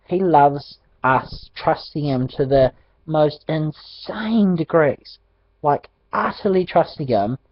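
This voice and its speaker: A man telling a personal faith testimony in an animated storytelling way, laughing often. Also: fairly high pitch, slow pace, no room sound. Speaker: ministry speaker. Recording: dull dry lo-fi recording.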